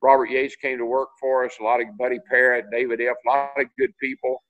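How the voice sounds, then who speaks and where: An older man from Tennessee spins rambling stories over a video call, stumbling and restarting as he goes. He jumps way up in pitch whenever he acts out what other people said. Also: level tone, quick pace, fairly bright tone, muffled recording. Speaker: interview guest, retired racing driver. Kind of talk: storytelling in a video call interview.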